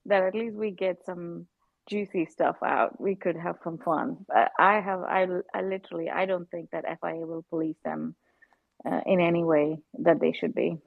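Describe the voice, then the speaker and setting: A woman's voice: fairly low pitch, steady tone, moderate pace, vocal fry, no echo, narrow, tinny audio. Woman, casual live chat, indignant, emphatic, dry sound. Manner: indignant, emphatic, repeats for stress. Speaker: panelist.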